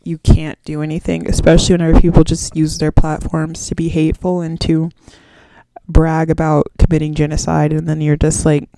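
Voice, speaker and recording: A woman's voice: low voice, completely flat delivery, a little fast, background noise. A woman in her twenties hosting a podcast solo, rambling in casual slang and swearing freely. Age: 20s. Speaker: podcast host.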